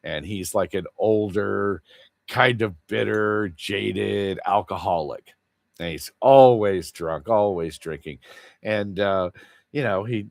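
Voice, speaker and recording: A man's voice: fairly low pitch, takes it slowly, creaky, no room sound. A man hosting a casual livestream chat, rambling in an earnest and confessional way. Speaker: livestream host.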